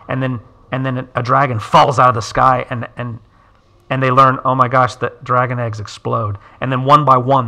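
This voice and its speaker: Middle-aged man, interview guest, very bright tone, animated storyteller who pops into character voices. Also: moderate pace. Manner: acts out characters' lines with big pitch jumps.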